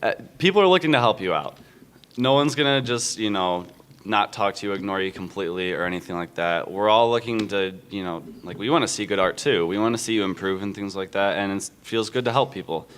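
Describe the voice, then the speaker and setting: Low-voiced young male panelist. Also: a little fast, clean tone. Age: young adult. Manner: relaxed, rambling with fillers. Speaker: convention panelist. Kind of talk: casual panel talk.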